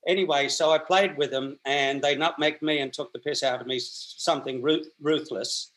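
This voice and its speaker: A man's voice: a little high, fairly even intonation, moderate pace, fairly bright tone. A man, telling long stories as an interview guest and often restarting and repeating his words. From Australia. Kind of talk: storytelling in a conversational interview.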